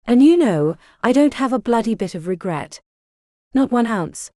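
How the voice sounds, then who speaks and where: A woman's voice: on the high side, big pitch swings, moderate pace, mellow, no room sound, studio quality. A woman voicing a defiant young bog witch healer who talks bluntly with folksy turns of phrase.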